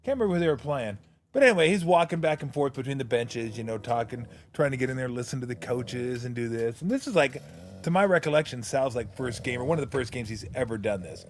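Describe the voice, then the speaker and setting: A man hosting a casual podcast, telling stories in a lively way and laughing at his own punchlines. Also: medium pitch, fast. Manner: animated storyteller, laughs through punchlines. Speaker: podcast host, former NBA broadcaster. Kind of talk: casual storytelling chat.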